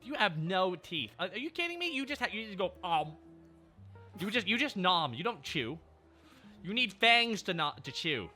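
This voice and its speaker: Bright, animated male streamer chatting. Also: sits high, a little slow, faint music behind. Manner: animated, jokey, reads chat aloud. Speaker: VTuber streamer. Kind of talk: casual live-stream chat.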